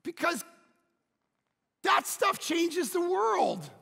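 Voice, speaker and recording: A middle-aged man preaching with a high, bright, gravelly voice that swings between quiet reflection and loud, self-mocking storytelling. His sermon carries a long reverb from a large hall. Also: sing-song, drawn-out words. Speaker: pastor.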